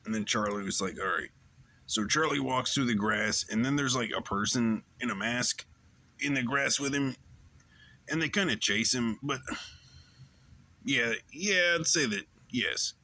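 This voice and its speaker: A man with a bright, forceful voice talks through a casual episode recap. His delivery is loose and rambling, full of "like" and "remember" as he retells one scene after another. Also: mid-range voice, unhurried. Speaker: show host.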